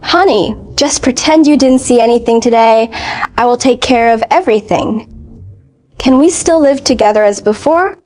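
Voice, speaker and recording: A woman voicing a soft-spoken, quietly menacing husband in a read-aloud story. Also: a little high, normal speed, close to an everyday voice. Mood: coaxing.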